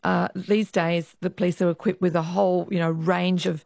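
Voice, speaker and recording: Ex-cop woman, lively storyteller, dry close sound, interview guest. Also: fairly low pitch, moderate pace, gravelly, dry recording. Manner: lively storyteller, acts out quoted voices. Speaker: retired police officer, guest.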